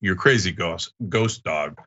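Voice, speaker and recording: A man's voice: low voice, unhurried, bright, forceful tone, slightly rough, muffled recording. A man hosting a live show, reading viewer comments and bantering with frequent laughs. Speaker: show host.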